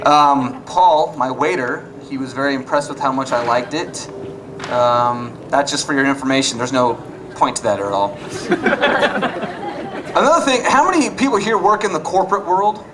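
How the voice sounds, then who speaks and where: A man's voice: mid-range voice, animated, normal speed, noisy background. A young man doing a stand-up comedy set, acting out both sides of arguments with his wife. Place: comedy club stage. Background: audience laughter.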